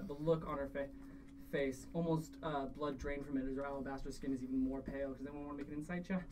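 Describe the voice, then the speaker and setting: A woman's voice: deep voice, darkish tone, distant mic, slight background noise, rough recording. A woman narrating as game master of a streamed tabletop game, loose and rambling with fillers and restarts.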